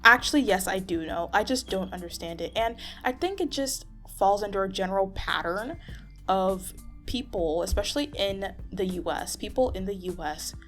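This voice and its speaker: A woman's voice: mid-range voice, lively intonation, moderate pace, a bit bright, faint music behind. A woman talking straight to camera in a casual vlog, exasperated and full of restarts. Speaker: vlogger.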